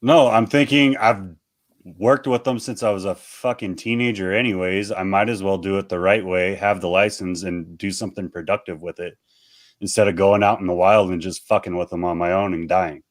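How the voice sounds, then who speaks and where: A man with a low voice hosting a podcast in relaxed, profane chat. He talks bluntly and teases his guest, dropping swear words freely. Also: normal speed. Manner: blunt, teasing, swears often. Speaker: podcast host.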